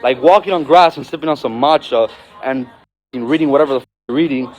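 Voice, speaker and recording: A man with an ordinary mid-range voice talks straight to the camera in a casual motivational vlog. He is sweaty from a workout outside, and his delivery is energetic and full of swearing. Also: medium pitch, a little fast, faint music behind, poor audio. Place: outdoors.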